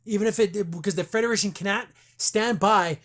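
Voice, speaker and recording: A man hosting a podcast, chatting casually and excitedly about an episode and acting out the characters' lines as he retells scenes. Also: sits high, a little fast. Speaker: podcast host. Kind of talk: casual episode recap chat.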